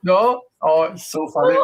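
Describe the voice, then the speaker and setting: A man co-hosting a tarot livestream, chatting in an easygoing, rambling way. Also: high-pitched. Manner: easygoing, rambling, lots of fillers. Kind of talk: casual chat.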